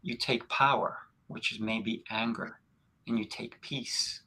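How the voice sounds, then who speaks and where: Male co-host, life coach, husky voice, calm teacher manner. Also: lowish voice, takes it slowly, poor audio. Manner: calm, teacherly, acts out dialogue. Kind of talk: casual spiritual chat.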